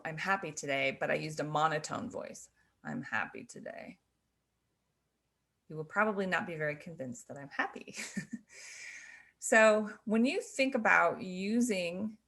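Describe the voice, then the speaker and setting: A middle-aged woman explains to learners with a calm, teacherly patience. Her voice sits a little low and carries a gravelly fry at the ends of phrases. She breaks into quiet laughs now and then. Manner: gentle, laughs softly between points. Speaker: sign language teacher.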